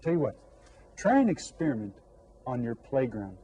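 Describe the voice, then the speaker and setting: A man teaching elementary Spanish gives a scripted lesson to young children in a mellow, darker, medium-pitched voice. He's very animated yet slow and clear, asking questions and waiting for responses. A faint hiss and generally poor audio mark the recording.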